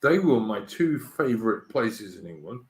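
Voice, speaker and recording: A man's voice: lowish voice, sing-song, normal speed, roomy sound. A man hosting a casual podcast chat, talking bluntly with lots of stammered restarts and swearing. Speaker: host.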